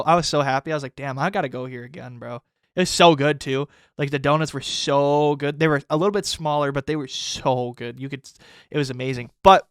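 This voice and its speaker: A man's voice: a little high, fairly bright tone, no echo, studio quality. Swearing, rambling young man host. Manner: rambling, swears heavily, gets worked up when ranting. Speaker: podcast host. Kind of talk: casual podcast chat.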